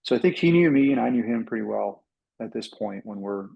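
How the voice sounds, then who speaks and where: A man with a gravelly, somewhat husky voice tells a flying story to a club audience. He talks casually and with energy, and he acts out the radio calls as he goes. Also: lowish voice, animated, fairly quick, muffled recording. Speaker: pilot and flight instructor. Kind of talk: casual talk to a pilots' club.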